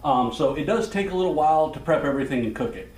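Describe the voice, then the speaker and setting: A man's voice: on the high side, lively intonation, fast talker, a little mellow. A man, a vlogger chatting casually and joking at home. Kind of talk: casual chat. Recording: roomy with faint noise.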